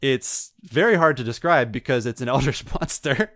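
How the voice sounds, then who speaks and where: A man co-hosting a gaming podcast, recounting a video game story in a rambling, animated way. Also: medium pitch, normal speed, no echo, studio quality. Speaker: podcast co-host. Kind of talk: casual chat.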